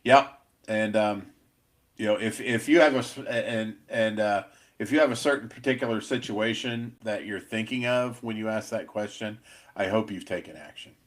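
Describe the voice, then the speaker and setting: Rambling, blunt middle-aged man. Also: on the low side. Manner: rambling, halting restarts, blunt and profane. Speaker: pest control podcast co-host. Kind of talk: casual podcast chat.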